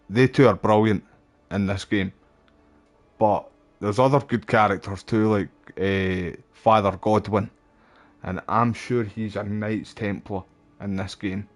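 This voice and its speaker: A young Scottish man streaming a game, chatting casually to his viewers and calling them mate. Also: lowish voice. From Scotland. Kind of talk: casual live-stream chat while playing.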